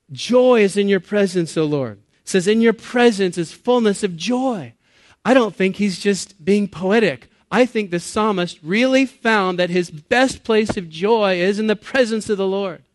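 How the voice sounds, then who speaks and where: A man's voice: high voice, normal speed. A man in his late thirties preaches to a gathered congregation in a slightly raised voice. He talks in an earnest, chatty way, laughs at himself, and quizzes the crowd. The sound is close and dry, with little room echo. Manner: conversational and earnest, laughs at himself, asks the audience questions. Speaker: pastor. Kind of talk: sermon. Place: church or meeting hall with an audience.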